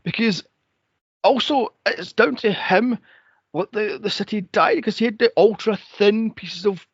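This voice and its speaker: Podcast co-host, male, high animated voice with gravelly fry, sarcastic and sweary, dull lo-fi sound. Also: measured pace, no room sound. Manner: sweary, mocking, mimics film characters. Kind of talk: casual movie review chat.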